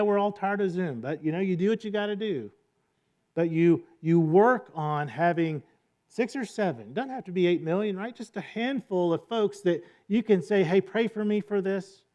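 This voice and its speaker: Male pastor preaching in a relaxed, talky style with a slightly high voice. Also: dull audio. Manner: conversational, asks "right?" often, acts out quotes. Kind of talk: sermon.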